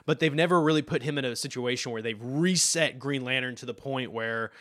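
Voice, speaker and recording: Male podcast co-host, mid-pitched, dry close mic, eager explainer. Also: a little fast, no echo. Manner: enthusiastic, explanatory, trails off quietly. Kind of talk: casual chat.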